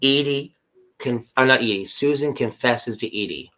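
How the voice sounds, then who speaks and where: A man in casual podcast conversation, retelling a TV episode scene by scene. His voice sits at a middle pitch. He slips into the characters' lines with an animated, storytelling manner. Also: normal speed. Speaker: podcast co-host. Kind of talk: casual chat recapping a TV episode.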